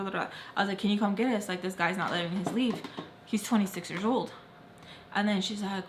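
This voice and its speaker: A young woman vlogger telling an animated story while doing her makeup, acting out the voices of the people in it. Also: mid-range voice, quick pace. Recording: faint background noise.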